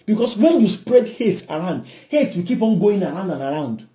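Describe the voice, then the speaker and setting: A man with a Nigerian accent preaching a sermon, exhorting and shifting between loud and hushed. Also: sits high, sing-song, normal speed.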